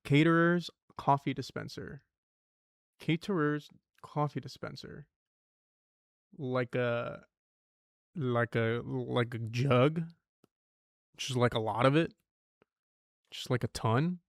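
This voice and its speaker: A man's voice: mid-range voice, takes it slowly, gravelly, pauses often, no room sound, studio quality. A young man streaming himself solving word puzzles, thinking aloud, swearing and muttering clues to himself.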